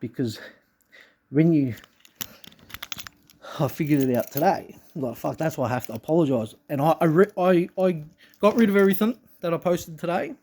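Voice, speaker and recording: A man talking straight to his viewers in a rambling monologue, swearing constantly, restarting his sentences, and swinging between low mutters and loud outbursts. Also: moderate pace, pauses often, slightly rough. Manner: profane, intense and rambling, with frequent restarts. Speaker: vlogger.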